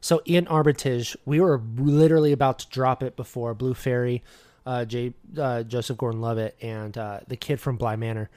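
A man's voice: mid-range voice, steady tone, moderate pace, a little mellow. A man co-hosting a podcast, rambling through opinions with jokey asides. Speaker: podcast co-host. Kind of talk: casual chat.

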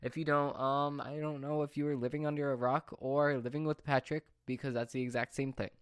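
A man's voice: mid-range voice, little pitch movement, fairly quick, clear, resonant tone, dry recording, studio quality. A teenage boy talking casually to his viewers in a rambling, repetitive, exasperated rant. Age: teens. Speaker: vlogger. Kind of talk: casual monologue to camera.

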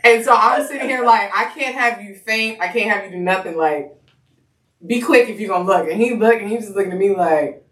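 A woman telling her birth story in casual chat, an animated storyteller who acts out quotes and laughs often. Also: mid-range voice, brisk. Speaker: podcast guest. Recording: echoey room, mic at a distance.

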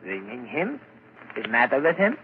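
A measured asylum doctor. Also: male voice, mid-range voice, wildly swooping pitch. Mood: inquiring. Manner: measured, explanatory. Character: composed male doctor of a mental ward. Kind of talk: 1940s radio acting. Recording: dull old radio recording, faint hiss.

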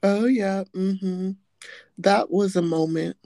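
A young woman hosts a casual podcast chat, speaking slowly and laughing often. She tells stories with playful melodrama. Her voice sounds dry and close. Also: mid-range voice, mellow, no room sound. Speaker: podcast host.

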